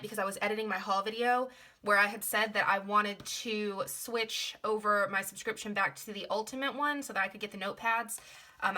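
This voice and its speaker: A woman's voice: medium pitch, bright, forceful tone, a little hiss or hum. A young woman chatting casually as she plans in her planner, rambling a little with many fillers, her nose stuffed up from a cold. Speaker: planner vlogger. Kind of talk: casual plan-with-me chat.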